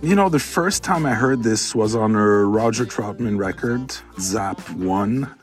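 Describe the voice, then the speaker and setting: Low-voiced male musician in his forties from Montreal, storytelling interview guest. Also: animated, measured pace, faint music behind. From Montreal, Canada. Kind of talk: casual interview answers.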